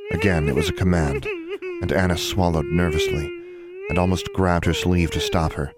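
A man reading a story aloud, expressive and giving each character a voice. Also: low voice, brisk, over a noisy crowd. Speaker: audiobook narrator. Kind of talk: storybook narration.

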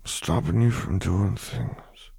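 A man's voice: low voice, takes it slowly, vocal fry, warm tone, slightly rough, dry recording, exaggerated voice. A man voicing a drowsy young boy who mumbles in a small, sleepy voice.

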